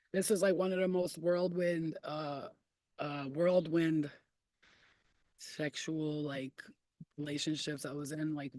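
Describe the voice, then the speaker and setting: A woman's voice: low-pitched, steady tone, slow pace, long pauses, warm tone, no echo. Brief: woman in her thirties, livestream host, candid storytelling full of cursing and laughter, dry close sound. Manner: blunt, profane, laughs often. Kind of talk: casual storytelling to live chat.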